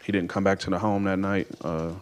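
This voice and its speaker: A man with a somewhat low voice tells his side of events from the witness stand. His speech is hesitant and meandering, full of ums and repeated "I don't know"s. He is heard through the courtroom's stand microphone. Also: level tone, fairly quick. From Ohio, USA. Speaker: defendant testifying. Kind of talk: courtroom testimony.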